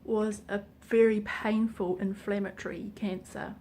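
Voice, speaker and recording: A woman's voice: mid-range voice, fairly even intonation, unhurried, dark tone, slight background noise. A woman talking to camera in a personal vlog, earnest and emotional, her voice sometimes dropping to a near-whisper. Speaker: vlogger. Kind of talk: casual personal vlog talk.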